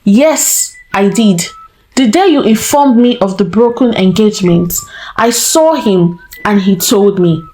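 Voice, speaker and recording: A woman's voice: medium pitch, animated, a little slow, warm tone, lightly acted, poor audio. A woman storyteller voicing a worried young male drummer in a plain, subdued way.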